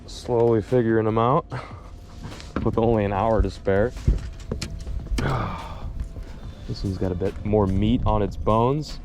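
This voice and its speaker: A man vlogging while fishing from a boat on a lake, giving casual, excitable running commentary and chatting to the fish and trees he snags. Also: fairly low pitch, takes it slowly, pauses often, music in the background.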